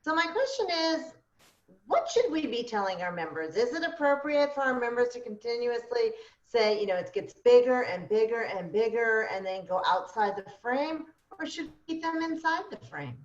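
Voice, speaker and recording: Female club member on a video call, higher pitch, polite and methodical, roomy muffled line. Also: very animated, normal speed. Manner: polite, describes gestures step by step. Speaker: club member asking a question. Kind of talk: online Q&A.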